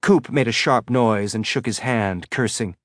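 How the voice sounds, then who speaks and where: A man reading a story aloud in a measured, even narration. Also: on the low side, no echo, clean studio sound. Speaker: audiobook narrator. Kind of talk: scripted narration.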